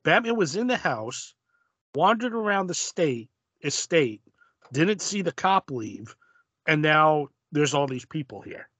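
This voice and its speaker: A man co-hosting a casual podcast, describing comic panels in a thoughtful, halting way with many restarts. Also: a little high, very animated, a bit bright, slightly rough, dry recording. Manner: hesitant, restarts often, thoughtful. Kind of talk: casual comic book discussion.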